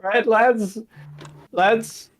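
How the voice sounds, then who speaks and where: A man voicing a male soldier who jokes loudly and laughs at his own jokes. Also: high-pitched, steady tone, very slow, voice pushed up, heavily acted. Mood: jokey. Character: boastful joking male soldier.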